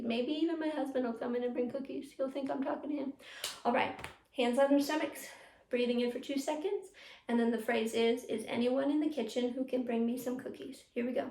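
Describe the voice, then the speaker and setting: A young woman teaching a youth theatre class from home, coaching the viewer through breathing warm-ups and practice lines. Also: high-pitched, vocal fry, slight background noise. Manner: encouraging, talks straight to the viewer, leads breathing drills. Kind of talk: virtual class to children at home. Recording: echoey room.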